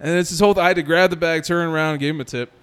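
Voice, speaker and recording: A man's voice: a little high, rapid-fire, clear, resonant tone. A young man casually telling a long story to friends, acting out what others said. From New Jersey. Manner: animated storyteller, acts out quotes, laughs often.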